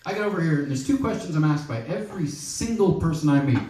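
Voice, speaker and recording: A man's voice: fairly high pitch, animated, fast talker, mellow. A man in his thirties doing a stand-up set, wry, profane and conversational. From United States. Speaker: stand-up comedian. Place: comedy club stage. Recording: echoey club recorded from a distance.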